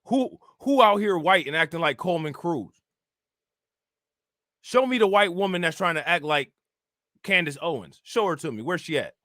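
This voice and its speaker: A man's voice: a little high, animated, normal speed, long pauses, fairly bright tone, no room sound. A young man, ranting profanely on a livestream and firing off repetitive rhetorical questions to his chat. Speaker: livestream political commentator. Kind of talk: casual livestream rant reacting to chat.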